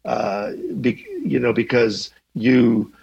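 A husky, gravelly-voiced man in his fifties answers as an interview guest. He teaches journalism and talks in a thoughtful, rambling way, restarting sentences and chuckling now and then. The audio sounds dull and lo-fi. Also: mid-range voice, flat delivery, slow pace, a little mellow. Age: 50s. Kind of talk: conversational interview.

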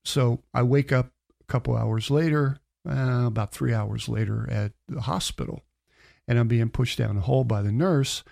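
A man's voice: mid-range voice, normal speed, gravelly. A middle-aged man telling a personal story in a casual interview, acting out the quoted dialogue as he goes. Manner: animated anecdotal storyteller, acts out quoted dialogue. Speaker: interview guest.

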